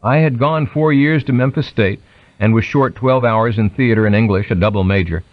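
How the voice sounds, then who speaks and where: Man, audiobook narrator, mid-pitched voice, dry close sound, slightly muffled lo-fi recording. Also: moderate pace, no room sound. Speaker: audiobook reader.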